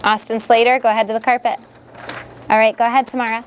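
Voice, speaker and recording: A woman's voice: fairly high pitch, flat delivery, fast talker, slight background noise. A woman teaching young students in a classroom, leading them patiently with repeated questions.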